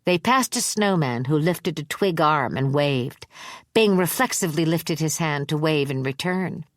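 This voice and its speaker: A woman narrating a dark horror audiobook in a measured, even storytelling manner on a close studio mic. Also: low voice, no echo. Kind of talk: scripted narration.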